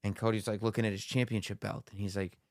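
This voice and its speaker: A man's voice: on the low side, no echo, studio quality. A man co-hosting a podcast, eagerly retelling events blow by blow and acting out the quoted lines. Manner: animated storyteller, acts out quotes with dramatic pauses. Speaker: podcast co-host. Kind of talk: casual podcast chat, excitedly retelling a wrestling show.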